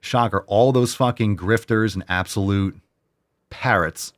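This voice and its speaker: A man with a fairly low voice delivers a heated solo rant as a show host. He swears constantly, drips with sarcasm and hammers his points by repeating them. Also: unhurried. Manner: repeats phrases for emphasis. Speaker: podcast host. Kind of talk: solo ranting commentary.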